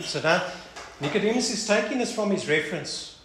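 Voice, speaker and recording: Heard in an echoey room with faint noise behind him, a man preaches conversationally on a Bible passage, frequently repeating words or starting over as he thinks aloud. He speaks a little fast in an expressive, high-pitched, slightly bright voice.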